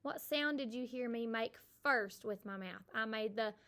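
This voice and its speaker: A middle-aged woman, a kindergarten teacher giving a recorded phonics lesson and slowly sounding out each letter for young children. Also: on the high side, fairly bright tone.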